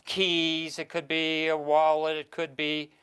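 An older man with a slightly high voice talks an audience through a stage trick. He gives chatty, step-by-step directions and teases his volunteers gently. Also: completely flat delivery, measured pace, clear, resonant tone. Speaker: magician performing for an audience. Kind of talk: archival stage performance with patter.

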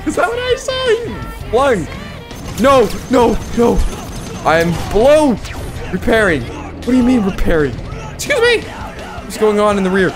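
Over game music, a man gives excitable live commentary on gameplay, yelping and laughing at the action. His voice sits high.

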